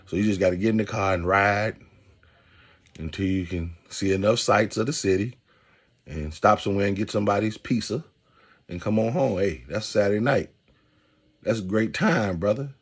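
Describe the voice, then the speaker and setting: Husky-voiced man hosting a casual podcast. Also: lowish voice. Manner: animated, preacherly, talks straight to listeners. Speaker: podcast host.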